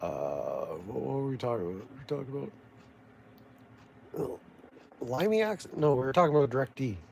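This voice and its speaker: A man's voice: mid-range voice, moderate pace, creaky, darkish tone, a little hiss or hum. A man with a Canadian accent giving rambling, sardonic casual commentary, often restarting and losing his thread. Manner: meandering, sardonic, full of restarts and trailing thoughts. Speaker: vlogger.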